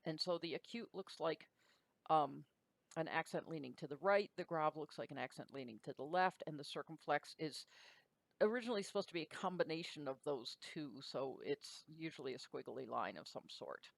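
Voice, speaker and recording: A middle-aged woman teaching a lecture, explaining rules patiently in a relaxed way and checking in with her students. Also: deep voice, normal speed, creaky, dry recording. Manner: explanatory, relaxed, uses fillers and checks in with the listener. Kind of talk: classroom lecture.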